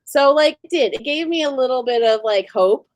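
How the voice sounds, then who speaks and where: A woman co-hosting a podcast in a casual recap chat, emphatic and quick to laugh. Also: high-pitched, lively intonation, no echo. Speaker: podcast co-host.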